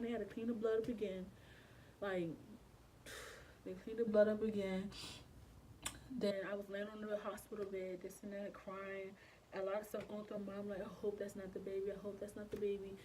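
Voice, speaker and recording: A woman's voice: medium pitch, level tone, normal speed, long pauses, warm tone, slight background noise, low-quality recording. A young woman telling a storytime vlog in an emotional, slangy way, swearing often and acting out her past reactions. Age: young adult. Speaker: vlogger.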